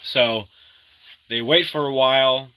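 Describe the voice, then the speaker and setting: A man casually retelling a movie plot in an animated way, acting out the characters' lines and often restarting his sentences. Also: mid-range voice, slow pace, clear, resonant tone, dry recording, low-quality recording. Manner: animated storyteller, acts out quotes, many restarts. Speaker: movie recap host. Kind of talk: casual spoken movie recap.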